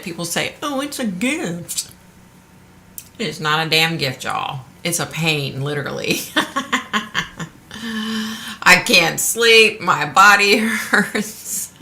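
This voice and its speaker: A chatty woman hosts a casual live stream from home, talking straight to her viewers. Her voice sits a little low yet sounds bright and forceful. She speaks frankly and lets the odd curse word slip. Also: a little hiss or hum. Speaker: livestream host.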